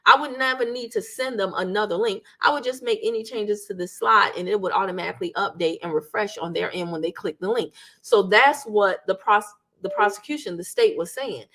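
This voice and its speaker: A woman's voice: medium pitch, a bit bright. A woman hosting a legal commentary channel, talking casually to her viewers and acting out what the people in court said. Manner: chatty, addresses viewers as "y'all", acts out quotes.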